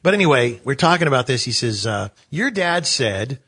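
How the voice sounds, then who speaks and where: A man chatting casually as a co-host, telling animated stories and acting out the people in them. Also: mid-range voice, fairly quick, slightly rough. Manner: animated, acts out voices in his stories. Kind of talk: casual storytelling chat.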